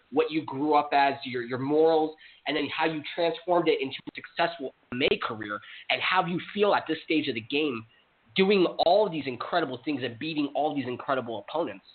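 A male host with a slightly raised voice asks long, stacked questions with eager enthusiasm. The sound is thin and tinny, as if carried over a phone line. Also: a little high. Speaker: podcast host, interviewer. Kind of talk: casual interview.

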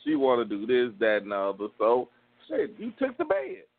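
Male radio co-host, relaxed teasing banter, lively intonation, tinny line. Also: medium pitch, normal speed. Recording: tinny phone-like radio audio.

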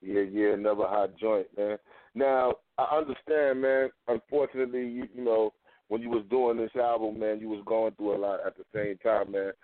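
Hyped low-voiced radio host. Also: male voice, fairly even intonation, moderate pace, no room sound. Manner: hyped, slangy host patter. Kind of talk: hip hop radio interview. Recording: dry, phone-like lo-fi.

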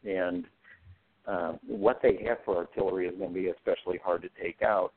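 A male guest on a talk show, telling anecdotes in a relaxed way and laughing often. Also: low voice, a little fast, a little hiss or hum. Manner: anecdotal, chuckles while telling stories. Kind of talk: casual talk show discussion. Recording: tinny phone line.

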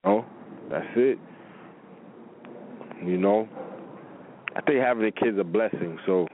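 Laid-back low-voiced male radio host. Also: takes it slowly. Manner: laid-back, filler-heavy talk with frequent laughs. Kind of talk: casual on-air chat with callers. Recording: phone-like narrow radio audio with faint noise.

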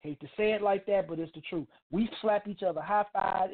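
A man's voice: high-pitched, brisk. Middle-aged man, blunt and profane, street slang, radio host monologue, tinny phone-like sound. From Chicago, United States. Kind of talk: opinionated monologue.

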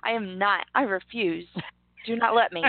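A woman's voice: medium pitch, dry recording. A woman co-hosting a radio show, chatting casually and laughing often. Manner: laughs often, quick reactions. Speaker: radio co-host. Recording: tinny dry phone-like line.

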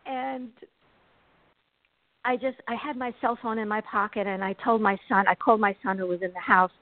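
Animated woman storyteller on a tinny line. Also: mid-range voice, normal speed, dry recording. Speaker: psychic medium guest. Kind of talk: interview storytelling. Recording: tinny phone-like line, dry.

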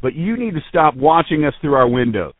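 A man's voice: on the high side, very animated, brisk, no echo. A man playing a furious neighbor in a prank phone recording, threatening and accusing. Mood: stern. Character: furious male neighbor, middle-aged, accusing. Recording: tinny phone line.

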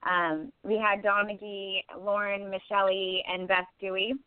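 Woman, show host, thoughtful spiritual chat, smooth voice, dry phone-like sound. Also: mid-range voice, little pitch movement, no echo. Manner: thoughtful, many filler pauses. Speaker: podcast host. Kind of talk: reflective spiritual conversation. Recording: tinny phone-line sound.

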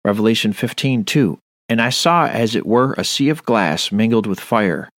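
Stern low-voiced man preaching. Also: expressive, moderate pace, a bit bright, no room sound, clean studio sound. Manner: earnest, stern preaching, reads scripture aloud. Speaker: radio Bible teacher. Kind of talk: sermon-style Bible study.

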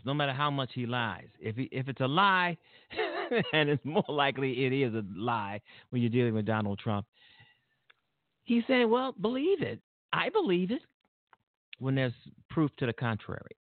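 A man's voice: mid-range voice, no echo. A man hosting a political talk show, ranting in a heated, profane, rambling way with frequent restarts. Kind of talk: angry political commentary. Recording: tinny phone-like line, dry.

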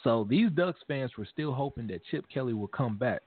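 A man co-hosting a casual sports talk show, animated and emphatic, often repeating phrases as he talks straight to fans. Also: medium pitch, normal speed, slightly rough. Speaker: podcast co-host. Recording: phone-like narrow sound.

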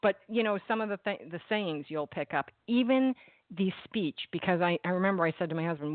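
A woman with a Boston accent hosting an interview, chatting casually and telling animated stories. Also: fairly low pitch, fairly quick, dry recording. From Boston area, US. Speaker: interview host. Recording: tinny, dry phone-line audio.

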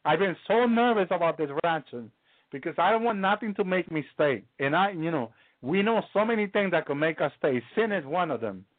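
A man preaching a live testimony, halting and restarting often and peppering his talk with hallelujah. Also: sits high, lively intonation, no room sound. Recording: tinny phone-line sound, dry.

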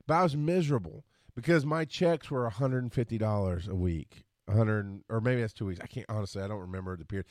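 A man hosting a solo podcast, ranting with frustration and profanity, rushing his words and then reining himself in. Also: lowish voice, darkish tone, no room sound, studio quality. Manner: frustrated, profane, talks fast then slows down. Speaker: podcast host.

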